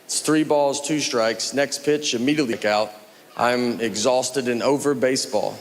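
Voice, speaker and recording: Deadpan Southern stand-up comedian. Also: male voice, medium pitch, slight background noise. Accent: Southern American. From Tennessee. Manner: slow deadpan storytelling. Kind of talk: stand-up routine. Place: comedy club stage with laughing audience.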